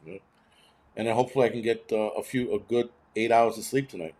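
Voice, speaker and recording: A man's voice: lowish voice, fairly even intonation, fast talker, a little mellow. A man in his fifties hosting a casual livestream, rambling and sarcastic with constant swearing. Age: 50s. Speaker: livestream host.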